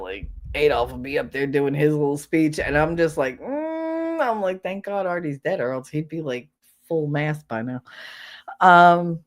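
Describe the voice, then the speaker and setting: A middle-aged woman with a low voice talks bluntly and casually on a livestream. She rambles from one story to the next and speaks plainly. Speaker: livestream host. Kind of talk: casual chat.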